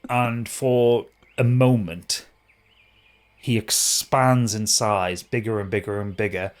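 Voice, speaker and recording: British game master, male, lowish voice, narrates with plenty of ums. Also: fairly even intonation, slow, clear, resonant tone. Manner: descriptive, with many fillers.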